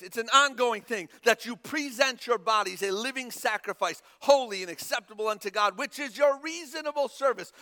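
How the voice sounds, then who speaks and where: A young male pastor preaching a sermon, animated, acting out the Bible dialogue in shifting voices. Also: extremely high pitch.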